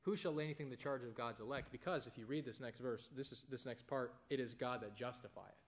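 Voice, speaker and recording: Fast-talking man teaching scripture. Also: mid-range voice. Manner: conversational, tells anecdotes, animated asides. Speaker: Bible teacher. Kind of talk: informal Bible study teaching.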